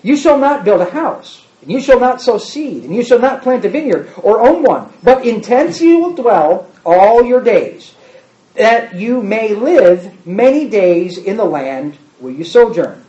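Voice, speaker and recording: A man preaching a sermon, reading scripture aloud and breaking in with quick explanatory asides. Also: sits high, very animated, mellow. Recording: roomy, slightly muffled.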